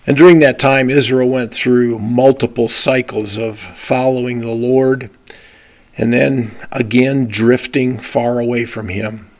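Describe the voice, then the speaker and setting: Scratchy-voiced pastor with a cold. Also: male voice, medium pitch, fairly even intonation, darkish tone. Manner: slow, measured, reflective delivery. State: hoarse from a cold. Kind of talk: short devotional talk with prayer.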